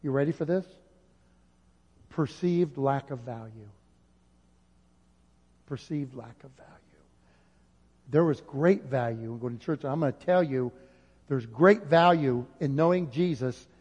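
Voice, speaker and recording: A male pastor preaching an impassioned sermon, rising at times to near shouting. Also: mid-range voice, moderate pace, breathy edge. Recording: dull audio with long hall reverb.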